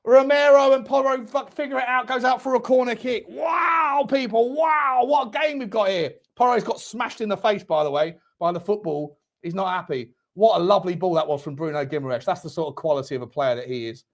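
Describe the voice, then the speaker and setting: A young man hosting a live football watchalong, calling the match play by play for his viewers and shouting and swearing when the action heats up. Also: high voice, a little fast, few pauses. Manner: excitable, shouts at big moments, swears; talks to viewers directly. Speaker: fan channel host.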